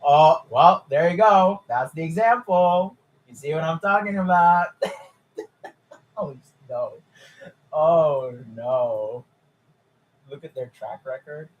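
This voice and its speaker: Young guy streaming, slow talker but pitch jumps all over, gets worked up and swears a lot. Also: lo-fi sound. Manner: excitable, incredulous, swears freely. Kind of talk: casual live-stream chat.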